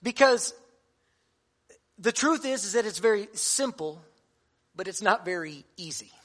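A man's voice: high voice, expressive, a little slow, a bit bright. A man in his thirties, a pastor giving a sermon to fathers, earnest and conversational with touches of humor.

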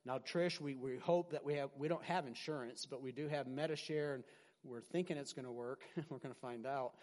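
A middle-aged man preaching a sermon as pastor, animated, swinging from loud emphasis to quiet asides and often restarting his words. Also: medium pitch, a little fast. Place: large hall with a congregation. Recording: long hall reverb.

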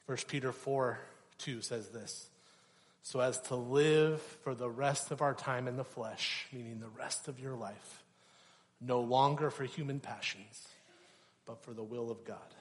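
A man's voice: medium pitch, measured pace. Storytelling young man preaching in a hall. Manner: storytelling, animated, acts out quoted voices. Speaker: pastor. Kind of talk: sermon. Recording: reverberant hall.

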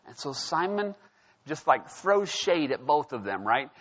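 Chatty pastor preaching, lo-fi sound. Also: male voice, fairly high pitch, sing-song, measured pace, breathy edge. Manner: conversational, storytelling, frequent "right?". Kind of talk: sermon. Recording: dull lo-fi sound.

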